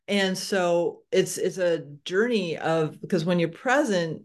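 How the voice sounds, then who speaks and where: A woman's voice: on the low side, slow. Reflective woman podcast host. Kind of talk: spiritual interview talk.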